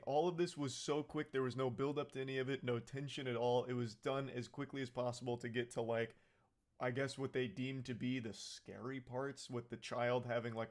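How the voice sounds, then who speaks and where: A man giving a casual, comedic movie recap, rambling and sarcastic, with plenty of swearing. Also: medium pitch.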